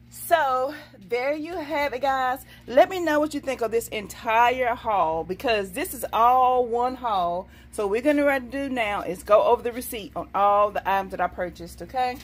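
Here a middle-aged vlogger walks through her shopping haul in a chatty, folksy manner, reading prices off her receipt and saying "okay, baby" to herself. Her voice sits a little high, and there's a faint hiss or hum.

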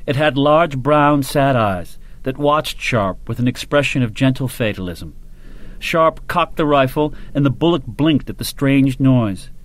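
Reading a scripted audiobook, a male narrator keeps to an even, measured storytelling style in a mid-range voice.

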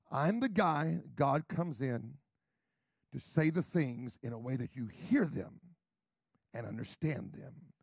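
A middle-aged American man, a pastor, preaching a brash, sarcastic sermon that swings from quiet asides to shouts. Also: mid-range voice, creaky, husky, no echo, studio quality. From United States.

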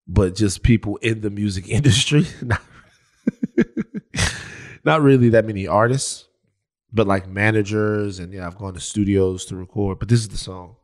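Low-voiced man co-hosting a podcast. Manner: playful, sings his own jingles loudly. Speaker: podcast co-host. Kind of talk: casual chat.

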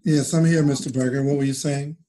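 A man's voice: mid-range voice, fairly even intonation, brisk, dark tone, poor audio. A man speaking on a team conference call as a leader, earnest and direct, addressing everyone like family. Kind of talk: call-in remarks.

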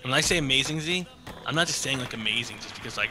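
Medium in pitch and quick in pace, this young gaming channel host bantres casually with a friend over game music. The two commentate a video game as he cracks crude jokes.

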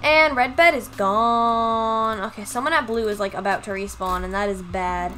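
A young woman chatting through a live gaming stream, talking to her viewers and teammates and breaking into high yelps when things go wrong. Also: expressive, moderate pace, few pauses, sharp tone. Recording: faint music in background.

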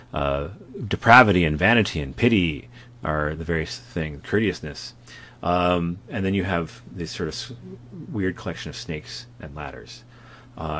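A man with a Canadian accent giving a conversational lecture about comics art from home, with frequent fillers and restarts. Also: deep voice. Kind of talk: recorded lecture with slides, self-recorded at home.

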